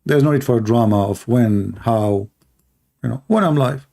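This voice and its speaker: A man hosting a call-in livestream, talking casually, mocking and laughing at callers and repeating words in quick bursts. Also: medium pitch, gravelly, mellow. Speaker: livestream host taking calls.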